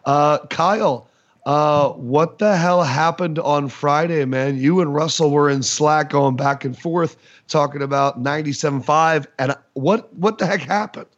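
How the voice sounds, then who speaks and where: A man's voice: on the high side, measured pace, fairly bright tone, lo-fi sound. A man co-hosting a podcast, joking and teasing in casual chat. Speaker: podcast co-host.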